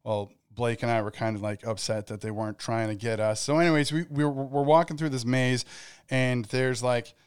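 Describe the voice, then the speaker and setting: A man's voice: medium pitch, steady tone, moderate pace, clear, resonant tone, no echo. A man in his thirties on a casual podcast, telling anecdotes and acting out what people said. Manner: storyteller who acts out quoted lines. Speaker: podcast co-host. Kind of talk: casual chat.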